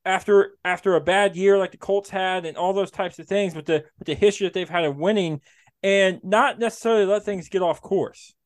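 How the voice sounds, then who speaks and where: A man hosting a casual podcast, his voice sitting a little high for a man. He asks long, rambling questions, restarting his sentences as he goes. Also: a little fast. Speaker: podcast host. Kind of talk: casual interview.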